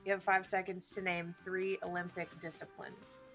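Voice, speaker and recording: A woman hosts a podcast game in a bright, clear voice. She talks in a playful, teasing way, with faint music playing behind her. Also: lowish voice, level tone, normal speed. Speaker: podcast co-host running a game. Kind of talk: casual chat.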